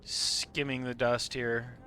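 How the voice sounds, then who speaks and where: A man's voice: medium pitch, flat delivery, slow, bright, forceful tone, slight background noise. A man chatting casually on his live game stream, laughing often and swearing freely.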